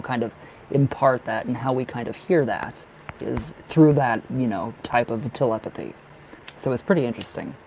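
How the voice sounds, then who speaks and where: Young male tarot reader, chatty and rambling, warm low tone, light background hum. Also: poor audio. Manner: chatty, rambling, laughs often. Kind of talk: live stream reading.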